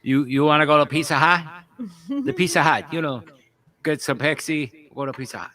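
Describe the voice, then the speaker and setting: A man co-hosting a podcast at a restaurant party, telling animated stories and swearing freely. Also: a little high, moderate pace. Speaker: podcast co-host. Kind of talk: casual chat.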